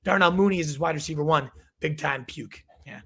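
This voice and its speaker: Young male host, rapid-fire calls, bright husky voice with gravelly fry, going hoarse. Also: fairly high pitch. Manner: energetic, quick verdicts. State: losing his voice. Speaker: fantasy football show host. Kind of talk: rapid-fire live advice show.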